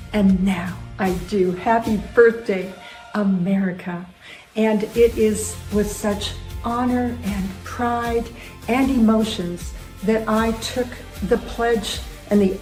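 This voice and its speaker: A woman's voice: mid-range voice, darkish tone, echoey room. A woman in her fifties from Canada, speaking earnestly and emotionally as a guest. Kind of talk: heartfelt personal talk.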